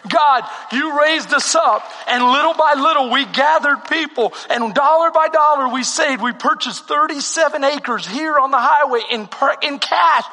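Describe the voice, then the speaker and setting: A middle-aged pastor from Texas preaching a sermon, repeating phrases and swinging between shouted fervor and hushed storytelling. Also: male voice, very high voice, moderate pace, hardly any pauses. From Texas, USA. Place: church sanctuary. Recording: long reverb of a church hall.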